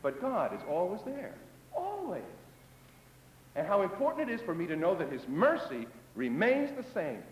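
A man preaching a sermon in a high, lively voice that rises to loud emphasis and drops to hushed asides. He acts out the voices of doubters and psalm prayers. The sound carries the long echo of a large hall. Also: a little fast, few pauses.

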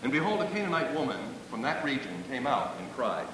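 Earnest preacher in an echoing hall. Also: male voice, big pitch swings, brisk, fairly bright tone. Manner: earnest, repeats phrases for emphasis. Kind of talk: sermon. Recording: echoey hall, distant mic, faint rumble.

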